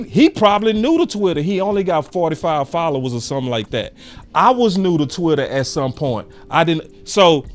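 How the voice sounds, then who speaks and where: A young man hosting a casual sports podcast, animated and slangy, retelling online spats with quoted back-and-forth. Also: on the high side. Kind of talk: casual heated chat.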